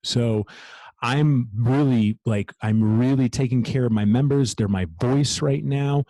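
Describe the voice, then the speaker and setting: A man's voice: mid-range voice, unhurried, warm tone, dry recording. A man who runs a gym speaks in a casual interview. He talks bluntly, swears freely and pushes ahead with drive. The sound is close and dry. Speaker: gym owner, guest.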